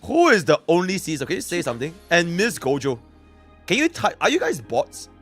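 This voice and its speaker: A young man from Singapore streaming live, chatting casually with his viewers and swinging between low mumbles and excited shouts. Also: brisk, breathy edge, faint music behind. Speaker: livestreamer.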